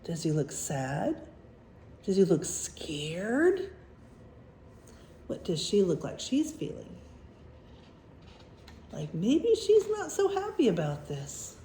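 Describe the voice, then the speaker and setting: Gentle woman story reader for children; mellow, animated, unhurried. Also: fairly low pitch, a little hiss or hum. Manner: gentle, questioning, engaging. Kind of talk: reading aloud to children, asking questions. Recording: roomy echo.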